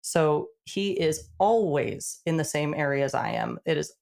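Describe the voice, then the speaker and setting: A woman guest on a podcast, casually telling a personal story in an animated way and acting out the dialogue. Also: low voice, a little slow. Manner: animated, acts out quoted dialogue; frequent "like" fillers.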